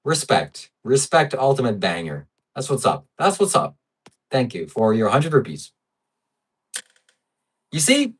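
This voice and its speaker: A man's voice: medium pitch, a bit bright, husky, distant mic. Brash man on a livestream, off-mic. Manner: blunt, brash and profane. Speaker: livestream host reading viewer donations. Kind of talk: casual live-stream chat.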